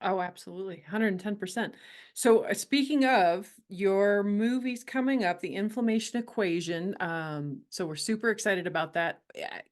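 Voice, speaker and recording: A woman's voice: medium pitch, normal speed. Female podcast host, enthusiastic, keeps her questions upbeat. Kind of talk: podcast interview.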